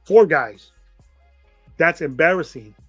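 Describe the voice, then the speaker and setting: A man co-hosting a casual sports talk show, blunt and animated, with some swearing. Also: fairly high pitch, slow, breathy edge, dry recording, muffled recording, soft background music. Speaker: co-host.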